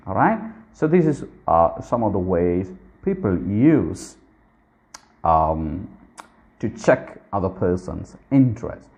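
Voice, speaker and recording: A man's voice: medium pitch, darkish tone. A man teaching everyday English phrases in a casual spoken lesson, explaining patiently and checking understanding with "okay?" His phrasing is not that of a native speaker.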